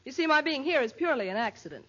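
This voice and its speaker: A woman's voice: sits high, lively intonation, rapid-fire, bright, forceful tone. Breezy teasing woman, old radio comedy. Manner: breezy, teasing society-girl delivery. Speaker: guest star. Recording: muffled old radio broadcast.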